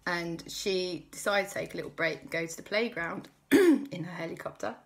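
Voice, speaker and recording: A woman's voice: fairly low pitch, moderate pace, vocal fry, slight background noise. A woman host telling a playful, improvised children's story. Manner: playful, lively, many character voices.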